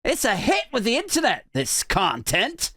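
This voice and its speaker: Sarcastic male podcast host, lively voice. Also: normal speed, slightly rough, no echo, clean studio sound. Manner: sarcastic, rambling, swings between high mock outrage and low mutters. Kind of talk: satirical comedy monologue.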